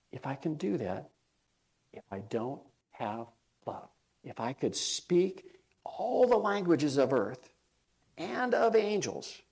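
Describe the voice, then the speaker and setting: A man's voice: mid-range voice, darkish tone. A male pastor preaching a sermon in a plain, conversational way, with frequent fillers and quoted lines acted out.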